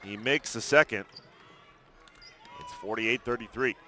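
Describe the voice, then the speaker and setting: A man calling play-by-play of a high school basketball game in brisk, chatty commentary from an arena booth. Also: pushed and bright. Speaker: play-by-play announcer.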